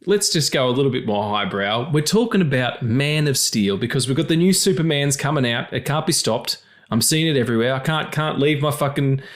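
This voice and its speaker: A man hosting a film podcast in casual chat, joking, swearing and laughing often. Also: medium pitch. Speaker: podcast host.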